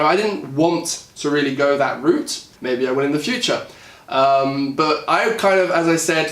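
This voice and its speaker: A man with a British accent talking casually about how he interprets a song, thinking aloud with lots of fillers and pauses. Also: mid-range voice, a bit bright, distant mic. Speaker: singer and music YouTuber. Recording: echoey room, voice a bit off-mic.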